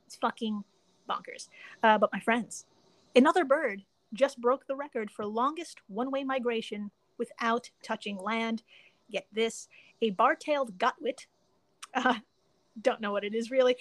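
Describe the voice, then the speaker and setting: A woman hosting a casual podcast, who laughs often, swears freely and tells facts with animated enthusiasm. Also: a little high, no echo. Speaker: podcast host.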